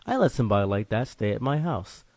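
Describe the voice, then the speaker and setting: A man opens a story in a wry, conversational tone. His voice is lowish, recorded dry with no room sound. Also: big pitch swings, fast talker, a little mellow, no room sound. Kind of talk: story narration.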